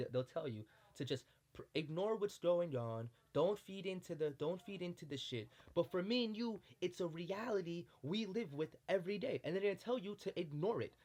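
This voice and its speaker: A man's voice: fairly high pitch, a little mellow. A man giving a heated, profane monologue, blunt and repetitive, often asking "you know what I'm saying". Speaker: spiritual commentator. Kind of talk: impassioned monologue.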